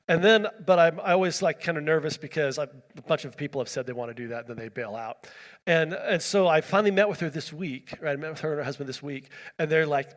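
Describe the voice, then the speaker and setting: A man delivers a sermon as a lively personal story, chatty and loose, with many fillers and quoted bits of dialogue. His voice sits a little high. A long reverb from a big hall trails behind each phrase. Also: quick pace. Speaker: pastor.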